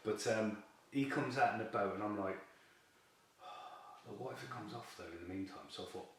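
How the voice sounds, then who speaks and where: A man's voice: fairly low pitch, moderate pace, distant mic. Man, echoey and off-mic. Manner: lively, chatty, laughs often while telling the tale. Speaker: carp angler, fishing team member. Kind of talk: casual storytelling in an interview. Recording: very echoey room, voice off-mic with faint noise.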